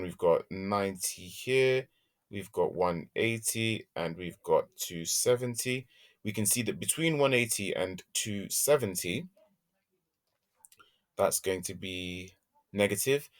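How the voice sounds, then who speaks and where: A man works through a maths lesson in a low voice, talking slowly and deliberately. He thinks aloud as he goes and hums quietly to himself while sketching graphs. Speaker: maths teacher. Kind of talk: worked-example maths lesson.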